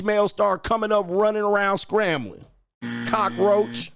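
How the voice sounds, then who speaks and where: A man's voice: high-pitched, measured pace, vocal fry, fairly bright tone, clean tone, no room sound, faint music behind. A man hosting a livestream, berating his viewers in a profane rant full of insults and repeated taunts. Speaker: livestream host and dating coach. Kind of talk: ranting at live chat.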